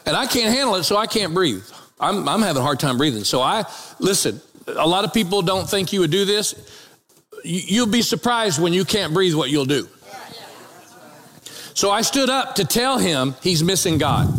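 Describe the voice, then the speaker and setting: A man's voice: high voice, moderate pace, in a large hall, slight background noise. A man preaching and telling a comic story from the pulpit, acting out each voice. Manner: animated, comic storytelling with acted-out quotes. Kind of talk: storytelling sermon.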